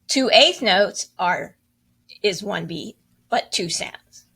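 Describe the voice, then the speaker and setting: A woman's voice: medium pitch, expressive, slow pace, creaky, bright, forceful tone, breathy edge. A woman teaching a music lesson, encouraging as she counts and chants rhythms aloud.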